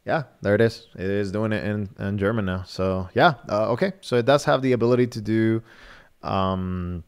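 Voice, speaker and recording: A man's voice: on the low side, normal speed, clear, resonant tone. A man from Nicaragua hosting a live-stream phone review, talking casually with many fillers and restarts. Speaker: livestream host reviewing a phone.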